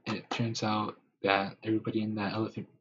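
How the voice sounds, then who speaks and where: A man with a low, flat voice improvises a rambling tale in the second person, full of fillers. The recording is dull and lo-fi, with a faint hiss under it. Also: quick pace. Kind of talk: improvised spoken story.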